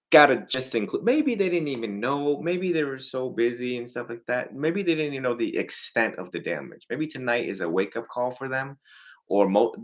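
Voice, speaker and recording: Man, family counseling talk, animated, swings loud and soft. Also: medium pitch. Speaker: Buddhist monk counseling a family.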